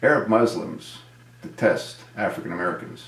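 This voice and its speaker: A man's voice: lowish voice, animated, normal speed, vocal fry, echoey room, poor audio. A man giving an indignant political commentary monologue, answering a viewer and asking rhetorical questions. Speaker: video commentator.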